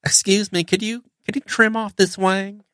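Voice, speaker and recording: Man doing a sweet Southern woman inspector, high falsetto, polite, American Southern accent. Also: level tone, normal speed, pushed and bright, dry recording, studio quality.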